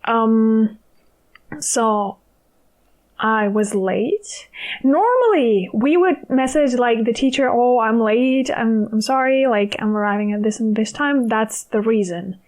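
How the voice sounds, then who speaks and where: A woman's voice: a little high, expressive, slow, a little mellow, poor audio. A young woman from Ukraine, a podcast guest chatting casually, with frequent laughs and fillers. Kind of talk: casual chat.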